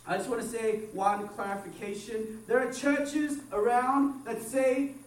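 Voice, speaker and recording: A man preaching a sermon, animated, acting out quotes and swinging from loud to hushed. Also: extremely high pitch, a little slow. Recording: echoey room, mic at a distance, faint background noise.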